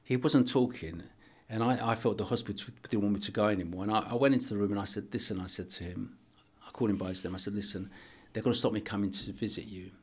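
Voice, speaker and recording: A middle-aged man, a guest on a podcast interview, telling a personal story in an earnest, halting way with many restarts. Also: fairly low pitch, breathy edge. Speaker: archbishop and boxing coach, guest.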